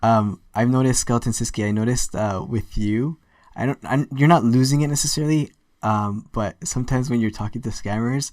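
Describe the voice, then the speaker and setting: Man, low voice, casual host, upbeat, lots of ums, dry close sound. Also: no echo. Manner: relaxed, filler-heavy, enthusiastic. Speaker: podcast host. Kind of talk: casual video-call chat.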